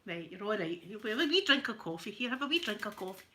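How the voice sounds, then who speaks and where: A woman's voice: medium pitch, big pitch swings, quick pace, sharp tone. A woman with a Glaswegian accent chatting casually at home while ironing, jokey and laughing often. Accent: Scottish, Glaswegian. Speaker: ASMR creator. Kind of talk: casual chat.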